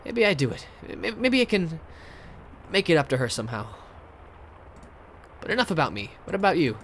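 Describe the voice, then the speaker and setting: A man voicing a lonely, warm-hearted older male innkeeper in a video game, with a put-on foreign accent and a halting, earnest delivery. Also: a little high, very animated, slight background noise, pitched above the performer's own voice. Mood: wistful.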